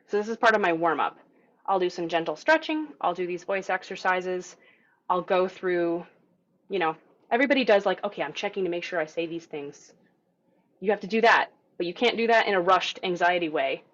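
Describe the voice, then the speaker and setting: A woman with a lowish, slightly bright voice and lively intonation talks a little fast as she runs a group voice lesson on a video call. Relaxed and encouraging, she uses fillers and models sounds, through dull, low-fidelity call audio.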